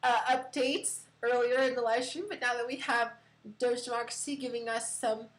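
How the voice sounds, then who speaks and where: A woman's voice: on the high side, fairly even intonation, normal speed, low-quality recording. A woman hosting a casual crypto live stream from her computer, chatty with many fillers and giggles.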